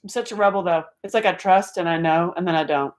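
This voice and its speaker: A middle-aged woman talks straight to her viewers on a casual livestream. Her voice sits a little low, and she is animated and blunt, swearing freely as she reads out comments. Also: quick pace, soft background music. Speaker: livestream host.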